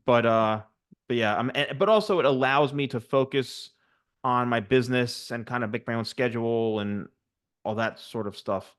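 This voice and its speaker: Man chatting with halting restarts. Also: medium pitch, a bit bright. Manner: hesitant, restarts with fillers. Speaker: guest, hair stylist and YouTuber. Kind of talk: casual interview chat. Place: home office.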